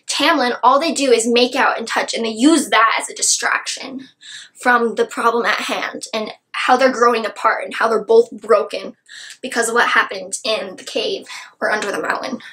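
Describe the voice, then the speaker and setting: A woman's voice: fairly high pitch, a bit bright, low-quality recording. A woman gushing about a book she loved in a casual, rambling review, full of "like" and asides.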